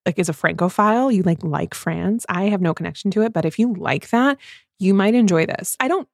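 A woman chatting casually about a book she reviews, animated and laughing often. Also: medium pitch, a little fast, gravelly, no echo, studio quality. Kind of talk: casual chat.

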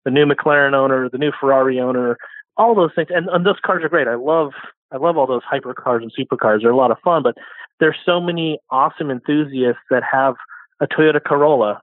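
A man talking casually as an interview guest, rambling, correcting himself and chuckling between thoughts. His voice comes through a tinny, phone-like line, dry with no room sound. The pitch is middling for a man. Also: no echo. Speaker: podcast guest, automotive storyteller.

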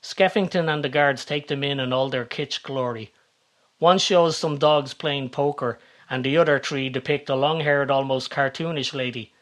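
A man reads a comedic story aloud at a steady, even pace. His voice sits at an ordinary mid pitch, and he keeps his delivery level and unhurried. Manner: steady, even-toned reading. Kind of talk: scripted story narration.

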